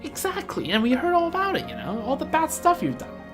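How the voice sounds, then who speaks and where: A woman voicing a tiny floating fairy companion in a high, sassy voice for a game read-along. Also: wildly swooping pitch, brisk, over music.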